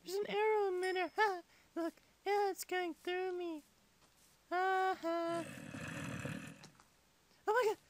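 For a comedic game play-along, a man puts on a squeaky, high-pitched, whiny little boy's voice and rambles rude, silly remarks in a childish mood. His tone stays steady, his pace is slow with frequent pauses, and a little hiss or hum can be heard.

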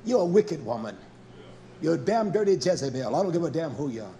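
A man's voice: on the high side, very animated, fairly quick, mellow, a little hiss or hum. A man preaching a fiery, confrontational sermon, scolding his listeners and firing rhetorical questions at them.

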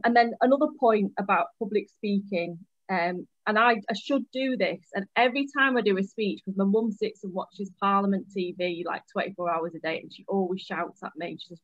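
A woman's voice: medium pitch, no room sound, muffled recording. A woman, a member of parliament, chatting casually and self-deprecatingly about public speaking over a video call. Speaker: MP and panel guest.

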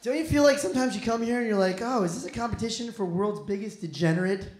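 A man's voice: high voice, quick pace, a little mellow, a little hiss or hum. A young man doing a stand-up comedy set, rambling and self-deprecating, swearing freely. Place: comedy club stage. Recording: echoey comedy club room.

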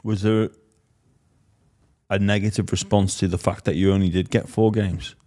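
A man's voice: lowish voice, flat delivery, normal speed, warm tone. A man hosting a podcast interview, asking short questions and murmuring agreement as the guest talks. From Australia. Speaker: podcast host. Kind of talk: casual interview.

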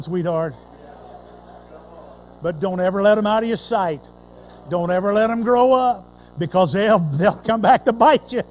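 A man preaching a folksy, animated sermon that swings between loud declaring and hushed storytelling. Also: sits high, a little slow, a little hiss or hum, low-quality recording. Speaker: pastor.

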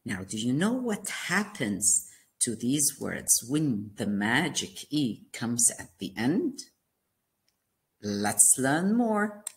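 A woman teaching a kindergarten phonics lesson, sounding out letters and words slowly in a sing-song way for small children. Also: a bass voice, very animated, roomy sound.

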